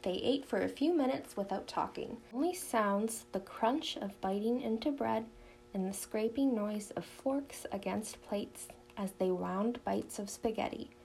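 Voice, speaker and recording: A woman narrating a children's novel in an even storytelling manner. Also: mid-range voice, a little slow, vocal fry, slight background noise, rough recording. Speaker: audiobook narrator.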